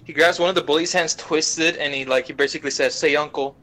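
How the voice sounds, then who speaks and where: A young podcast guest, voice a little high, gives a loose, profanity-filled summary of an anime, throwing in brief character voices. The recording quality is low.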